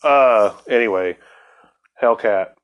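Profane, excitable man telling comics history. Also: on the low side, slow pace, lo-fi sound. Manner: profane, excitable storyteller who laughs often. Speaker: podcast host. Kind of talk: casual comics commentary.

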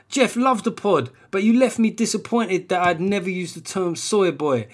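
A cocky young South London lad with a slangy, swaggering accent, his voice pushed well up in pitch and loud. A man puts him on for laughs. It comes out as an exaggerated street-cool impression. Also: unhurried. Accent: put-on South London.

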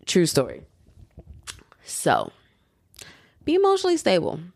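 A woman's voice: lowish voice, huge pitch swings, measured pace, creaky, dry recording. A young woman hosting her own podcast, chatting casually and animatedly with lots of fillers. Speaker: podcast host. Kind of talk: casual solo podcast chat.

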